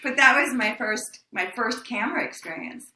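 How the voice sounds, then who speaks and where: Older woman interviewee, bright and slightly high voice, animated storyteller, echoey room. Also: normal speed, slight background noise. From El Paso, Texas. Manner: lively, laughing, acts out quoted voices. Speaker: actress interviewed.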